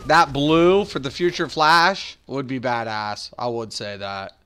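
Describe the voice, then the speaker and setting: Excitable man rambling on a game stream. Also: medium pitch, measured pace, slight background noise. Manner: rambling, excitable, talks back to chat. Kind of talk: casual live-stream chat.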